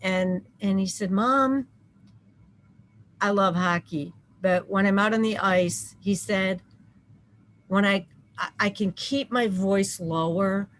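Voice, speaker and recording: A woman on a parent panel telling a personal story, halting and full of restarts. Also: mid-range voice, fairly bright tone, poor audio. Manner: halting, many restarts and fillers.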